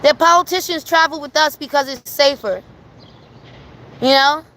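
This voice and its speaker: A woman on a live stream, telling a story with emphatic, animated delivery and frequent laughter. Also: high-pitched, moderate pace, slight background noise. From New York. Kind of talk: casual storytelling on a livestream. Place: at home.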